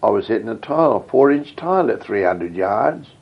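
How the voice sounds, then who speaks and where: An elderly man tells his stories in a wandering, reminiscing way, his deep voice heavily gravelly and husky. He is answering an interviewer's questions. The recording is dull and lo-fi, like an old tape. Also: animated, brisk. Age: older. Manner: rambling, reminiscing storyteller. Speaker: veteran interviewee. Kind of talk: oral history interview.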